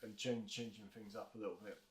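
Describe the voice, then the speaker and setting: Brisk male interviewer, roomy and off-mic. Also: on the low side, fairly even intonation. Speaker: interviewer, channel host. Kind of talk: interview questions.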